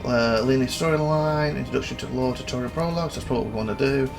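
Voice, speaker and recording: Chatty man with a gravelly voice. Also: mid-range voice, racing. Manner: rambling, chatty, thinks aloud while reading menus. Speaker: gaming channel host. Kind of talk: casual let's-play commentary. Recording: voice over loud game music.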